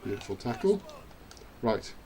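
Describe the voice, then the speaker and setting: A man's voice: fairly low pitch, big pitch swings, a little slow, a crowd in the background. A man chatting his way through a rugby video game, self-mocking and now and then cheering at the screen. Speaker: gaming channel host. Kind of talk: let's-play commentary.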